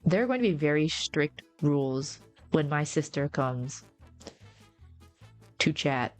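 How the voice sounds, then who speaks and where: A woman's voice: deep voice, expressive, takes it slowly, faint music behind. A young woman streamer chatting casually to her viewers in a playful, rambling way.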